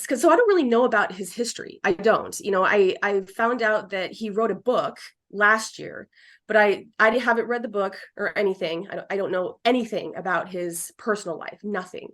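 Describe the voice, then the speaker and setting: Woman medium, chatty and rambling, mid-pitched, lively delivery with quoted voices. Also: normal speed. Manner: rambling, animated, acts out quotes. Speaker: psychic medium. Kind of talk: casual chat.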